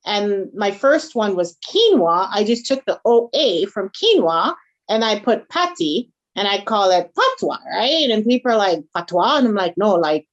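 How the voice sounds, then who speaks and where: A woman of Caribbean background, a guest who owns a small food business, tells stories animatedly in a casual interview. Her voice is medium-pitched at a moderate pace, the audio is dull, and she keeps checking in with "right?" and "you got it."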